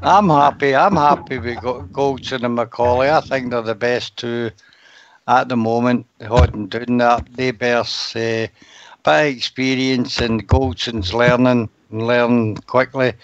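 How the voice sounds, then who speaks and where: A man co-hosting a fan radio show, relaxed and matter-of-fact. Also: mid-range voice, a little slow, no room sound. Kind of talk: casual radio chat. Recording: dry muffled stream audio.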